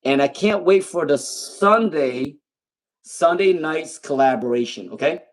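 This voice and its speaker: A chatty young man reads tarot cards on a live stream, talking casually with his viewers. His voice sits a little high for a man. He repeats himself often and breaks into laughter. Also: animated, a little slow.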